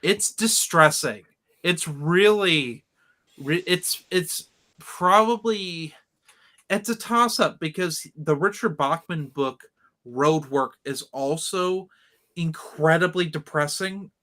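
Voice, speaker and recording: A man's voice: a little high, slow pace, pushed and bright. A man hosting a casual podcast discussion, chatty and opinionated, rambling through asides. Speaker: podcast host. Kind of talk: casual chat.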